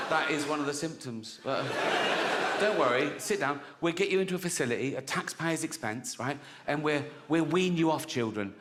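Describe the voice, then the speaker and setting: A man's voice: fairly high pitch, moderate pace, heavy background noise. A middle-aged man doing stand-up, talking bluntly and chattily and often laughing at his own jokes. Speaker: stand-up comedian. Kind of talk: stand-up comedy set. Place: live venue with audience. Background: audience laughter and applause.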